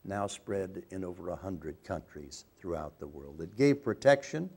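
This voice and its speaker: A man's voice: low-pitched, animated, moderate pace, a little mellow, husky. Older man giving a wry speech. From United States. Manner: wry, anecdotal, with asides and self-corrections. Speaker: speaker. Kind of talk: speech to an audience.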